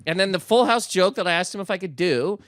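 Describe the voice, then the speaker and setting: A man's voice: high-pitched, quick pace, fairly bright tone, dry recording, studio quality. A young man from Nova Scotia, a guest comedian telling a story in casual podcast talk, acting out quotes and swearing freely. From Canada, Nova Scotia.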